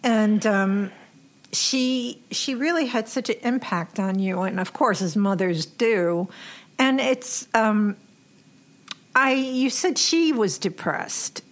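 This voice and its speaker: Expressive woman host, lively storytelling, quick to laugh. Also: on the high side. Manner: animated, emotional storyteller, laughs often. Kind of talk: casual chat.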